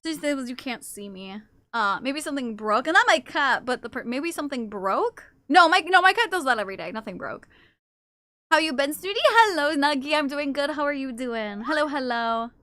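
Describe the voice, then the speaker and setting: A woman streamer with a high, bright voice chats casually with her viewers and slips into cooing baby talk for her cats. The recording is dry and close, with no room sound. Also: expressive, moderate pace, no room sound. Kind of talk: casual live-stream chat.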